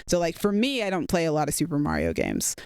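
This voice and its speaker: A man's voice: fairly high pitch, wildly swooping pitch, quick pace, creaky, a little mellow, clear, resonant tone, dry recording. A man co-hosting a movie review podcast, chatting casually and enthusiastically, rambling with fillers. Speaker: podcast co-host.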